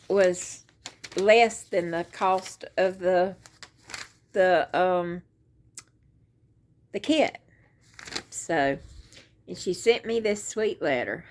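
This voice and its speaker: A woman chatting to viewers about crochet from her bed at home, talking into a handheld phone in a folksy, rambling, self-deprecating way. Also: mid-range voice. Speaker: crochet vlogger. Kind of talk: casual chat to viewers.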